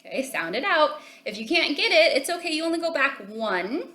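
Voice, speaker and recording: Bright encouraging woman teacher. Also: high-pitched, very animated, a little fast, echoey room. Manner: encouraging, sing-song teacher talk with frequent "okay?". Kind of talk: home phonics lesson for children and parents.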